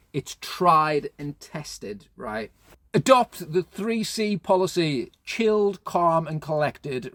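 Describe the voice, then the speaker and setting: A man's voice: on the high side, dry recording. A man with a British accent giving casual, cheeky reselling advice and often checking in with "right?". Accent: British English. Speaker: reselling vlogger. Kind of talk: casual advice talk to camera.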